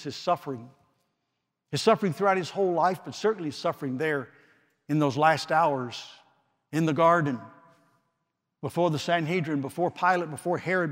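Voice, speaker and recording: A man preaching a sermon with slow, dramatic delivery and long pauses, swinging from forceful declarations to hushed, quiet phrases. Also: a little high. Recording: long reverb of a large hall.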